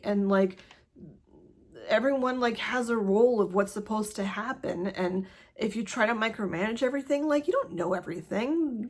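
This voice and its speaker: A woman talking casually to camera in a personal vlog, rambling with lots of fillers and a hurried pace. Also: a little high. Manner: rambling, many fillers, laughs often. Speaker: vlogger sharing her cancer journey.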